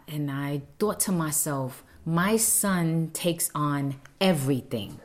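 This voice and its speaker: A woman with a slightly low voice tells a personal family story in an earnest, heartfelt way. She speaks as a mother looking back on her own life. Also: slow.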